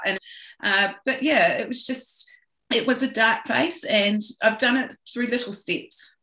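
Brief: middle-aged woman guest, earnest storyteller, higher bright voice, roomy recording. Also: unhurried. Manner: earnest, emotional, frequent restarts. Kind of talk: heartfelt personal storytelling. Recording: roomy echo.

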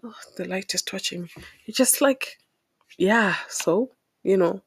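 A young woman from Zimbabwe talking to the camera in a casual, opinionated monologue, animated and exasperated, laughing often. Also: mid-range voice, unhurried, slightly rough. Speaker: vlogger.

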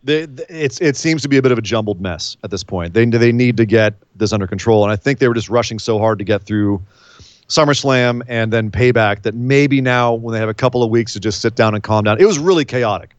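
A man co-hosting a casual wrestling podcast, recapping storylines with animated energy and jumping into silly voices for the people he describes. His voice sits at an ordinary middle pitch, recorded close and dry with a slightly dull, muffled top end. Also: a little fast, dry recording. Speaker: podcast co-host.

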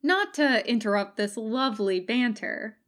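A woman reading a brisk, bossy female tattoo artist, a touch higher and slower than her narration. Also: lively intonation, a bit bright. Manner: brisk, commanding.

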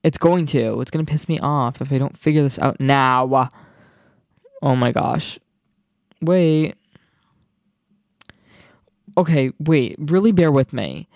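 A young man hosting his own podcast, chatting casually in an excitable, rambling way full of asides. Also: medium pitch, takes it slowly, long pauses, no room sound, clean studio sound. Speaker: podcast host. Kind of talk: casual solo podcast chat.

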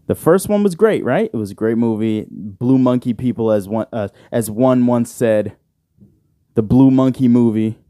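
Man, solo podcast host, rambling, swears a lot, says bro, mellow tone, dry studio mic. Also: medium pitch, lively intonation, normal speed, few pauses, no room sound. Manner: rambling, profane and joking, with frequent "bro". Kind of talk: casual solo podcast chat. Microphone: side-address studio microphone.

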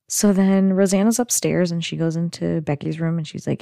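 A woman's voice: deep voice, fairly even intonation, brisk, creaky, few pauses, mellow, no echo, studio quality. A young woman who hosts a podcast, chattily retelling a sitcom episode with lots of "like" fillers. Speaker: podcast host recapping a sitcom. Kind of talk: casual episode recap.

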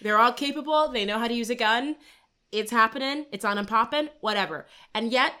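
Bright, emphatic young woman. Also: a little high, fairly quick. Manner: opinionated, emphatic, wry. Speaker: podcast co-host. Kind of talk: casual movie review chat.

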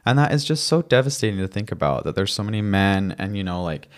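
Male co-host with a very low voice, casual film chat, hesitant and reflective. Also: very animated, fast. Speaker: podcast co-host.

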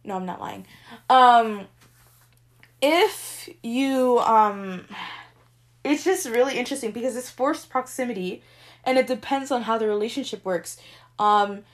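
A young woman chatting casually and gushing as she ranks romance book tropes, swinging between excited squeals and soft murmurs. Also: on the high side, measured pace, long pauses. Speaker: book vlogger ranking tropes. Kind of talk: casual chat.

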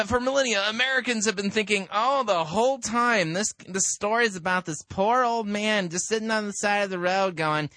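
A man's voice: high-pitched, bright, forceful tone, no room sound, studio quality. A man giving sarcastic commentary on a sermon, with laughing asides. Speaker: podcast host mocking a sermon.

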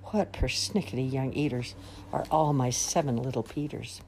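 A woman's voice: rumbling low, moderate pace, darkish tone, a little hiss or hum. A woman voicing a weary, patient mother of seven, speaking in fond, sing-song rhyming sighs.

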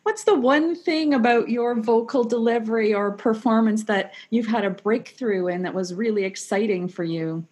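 A woman's voice: a little high, normal speed, few pauses, a little mellow, slightly rough. A woman interviewing a fellow singer, asking questions and affirming her with encouraging replies. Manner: encouraging, affirming with short responses. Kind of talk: interview questions and warm comments.

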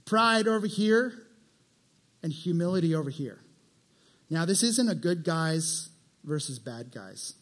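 Man, preacher, high voice, animated, conversational sermon, asks questions. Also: measured pace, long pauses.

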